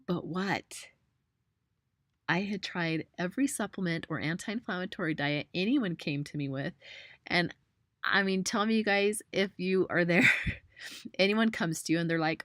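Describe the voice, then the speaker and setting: A woman in her thirties with a low, fairly bright voice presents a webinar as a personal trainer, talking a little fast. She's chatty and personal, calls viewers "you guys," and laughs easily, with close, dry sound and no echo.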